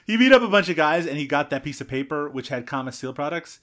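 A man's voice: on the high side, lively intonation, fast, fairly bright tone. A man co-hosting a podcast, retelling a movie's plot in casual chat with jokes and asides. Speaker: podcast co-host.

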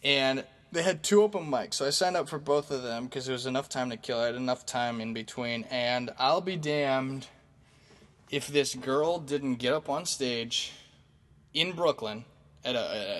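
A man's voice: medium pitch, fairly bright tone. A man who does stand-up, telling a loose story to his audience with lots of fillers, restarts and swearing. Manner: rambling, profane, many fillers and restarts. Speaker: stand-up comedian. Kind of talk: casual storytelling monologue.

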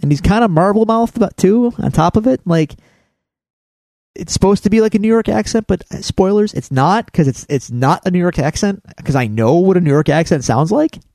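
A man co-hosting a casual podcast chat, his voice fairly high and swinging widely in pitch as he rambles and restarts. The sound is close and dry, with no room echo. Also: animated, brisk, warm tone. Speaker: podcast co-host.

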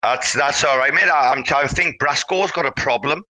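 A man's voice: medium pitch, normal speed, dry recording, poor audio. Hyped-up man hosting an audio room. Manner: animated, rambling, hypes up the community. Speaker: host. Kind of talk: casual chat in a live audio room.

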